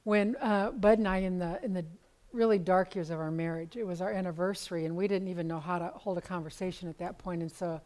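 A woman's voice: lowish voice, fairly even intonation, fast, darkish tone, rough recording. Woman, 70s, Bible study teacher; candid, conversational storyteller with dry self-deprecating humor.

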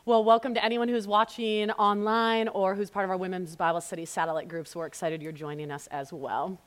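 A woman in her thirties teaching a women's Bible study, telling family stories in an earnest, storytelling way and praying in a hushed voice. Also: mid-range voice, steady tone, brisk, clean tone. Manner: warm, storytelling, earnest, softening to a hushed prayer. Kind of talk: women's ministry teaching talk. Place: church women's gathering, live audience.

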